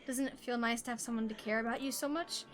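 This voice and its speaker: A woman voicing a shy, obsessive young woman confessing her love in a hushed, intense way while reading game dialogue aloud. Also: on the high side, steady tone, fast talker, pitched below the performer's own voice, natural voice.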